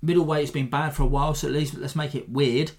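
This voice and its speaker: A man hosting a podcast, giving a rambling, animated breakdown of a fight in a self-deprecating way. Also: on the high side, quick pace. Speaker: podcast host. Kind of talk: casual fight analysis.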